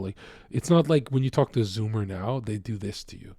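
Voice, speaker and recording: A man ranting casually to viewers, profane and combative, swinging from loud outbursts to low mutters. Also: expressive, fast, slightly rough, no room sound, studio quality. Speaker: streamer.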